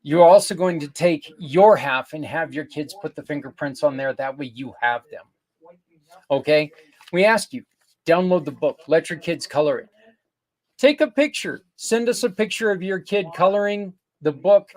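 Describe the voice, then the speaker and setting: Older male podcast host, higher-pitched, earnest and rambling, casual promotional delivery with self-corrections. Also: normal speed.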